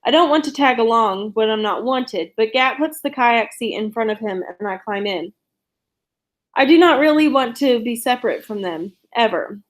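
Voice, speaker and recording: A woman with a fairly high voice reads a novel aloud. Her narration is steady and unhurried, in a plain first-person storytelling manner. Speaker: reader of a novel.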